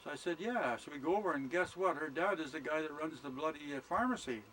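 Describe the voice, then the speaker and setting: A man's voice: fairly high pitch, animated, fairly bright tone, a little hiss or hum, poor audio. An older man telling rambling, folksy jokes outdoors at a summer campsite, filmed on a camcorder held by his wife. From Canada. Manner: rambling, unhurried delivery with frequent uh fillers.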